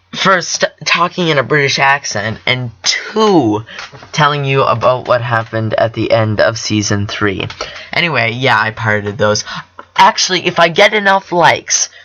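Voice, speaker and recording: A young man hosting his own podcast, chatting about TV shows in a rambling, excitable way and correcting himself often. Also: medium pitch, muffled recording. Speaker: podcast host. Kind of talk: casual solo chat about TV shows.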